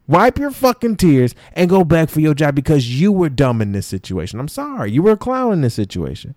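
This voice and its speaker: A man venting as a podcast host, his fairly high voice leaping up and down as he rants. He talks in loud, profane slang and mocks people by putting on their voices. The sound is dry and close, with no room echo. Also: big pitch swings, moderate pace. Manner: mocks others in put-on voices. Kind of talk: ranting opinion podcast.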